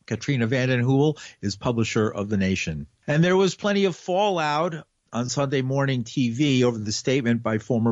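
A man anchoring a radio newscast, reading in a measured way and filling pauses with "uh" when he ad-libs. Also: mid-range voice, a little mellow, no room sound. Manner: measured, with halting fillers when ad-libbing. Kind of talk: news reading. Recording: muffled lo-fi radio broadcast.

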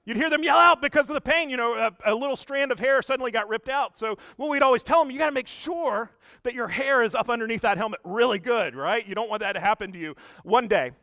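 A man preaching a sermon in a chatty, animated storytelling way, speaking straight to the congregation. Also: extremely high pitch, fast, hardly any pauses, dry recording, clean studio sound. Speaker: pastor.

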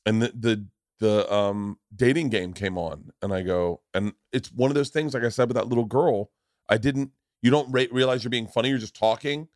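A man's voice: normal speed, no room sound, clean studio sound. A man in his forties hosting a podcast, chatting casually, swearing freely and acting out quotes in a raised voice. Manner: profane, animated, acts out quotes in high voices. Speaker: podcast host, comedian. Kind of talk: casual chat, storytelling.

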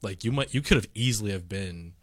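A man's voice: fairly low pitch, fast, a bit bright, slightly rough, no room sound. A man co-hosting a casual chat, rambling with lots of fillers and restarts. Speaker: podcast co-host.

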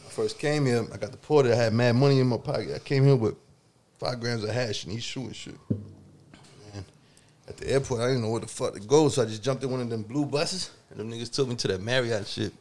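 A man's voice: medium pitch, a little fast. A man who grew up in Germany, telling stories in casual podcast chat, swearing freely in street slang and acting out what other people said. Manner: profane street slang, animated, acts out other people's lines.

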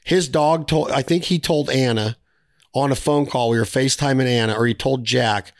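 A man hosting a podcast, rambling through a hunting story with quick restarts. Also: mid-range voice. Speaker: podcast host. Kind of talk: casual podcast chat.

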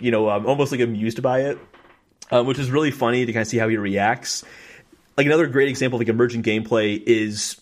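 A young man co-hosting a podcast, telling stories in an excited, fast, casual way with many fillers and acted-out quotes. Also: medium pitch. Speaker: podcast co-host. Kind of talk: casual chat.

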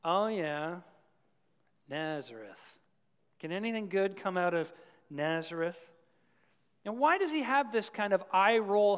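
A Canadian-born pastor preaches a sermon in a chatty, folksy way, asking the congregation questions. His high-pitched voice is a bit bright, and the large hall adds long reverb.

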